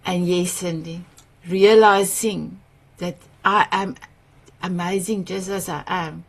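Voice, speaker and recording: A woman with a South African accent, an Afrikaans speaker, hosting a summit on a video call and sharing personal stories with gushing, emotional warmth and frequent laughter. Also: lowish voice, fairly even intonation, takes it slowly, vocal fry, slightly rough. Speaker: summit host.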